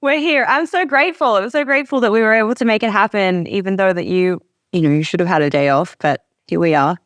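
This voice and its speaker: A woman hosting a podcast interview, chatty and animated, with lots of fillers. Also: medium pitch, quick pace, dry recording. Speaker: podcast host. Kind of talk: casual interview chat.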